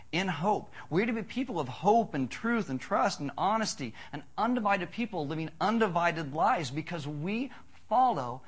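Animated male pastor preaching a sermon. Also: on the high side. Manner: animated storytelling, shifting from loud to hushed.

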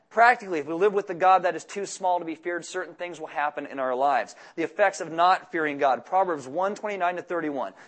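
A man preaching to his church in an easy, chatty way, dropping deadpan jokes between the verses he reads. His voice sits a bit higher than most men's. He sounds like a pastor talking straight to his own people. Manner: conversational, joking asides between scripture readings. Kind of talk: sermon.

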